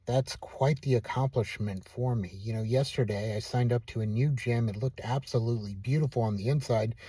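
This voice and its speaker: Calm man telling a story, mellow voice. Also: mid-range voice, fairly quick, slightly rough, no echo. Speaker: vlogger. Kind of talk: casual personal storytelling to camera.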